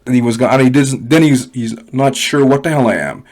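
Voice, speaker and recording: A man's voice: mid-range voice, sing-song, fairly quick, few pauses, a little mellow. A man with a Canadian accent, from Canada, giving a blunt, rambling, profane unscripted rant with many fillers. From Canada (Ottawa, Ontario). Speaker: online money reviewer.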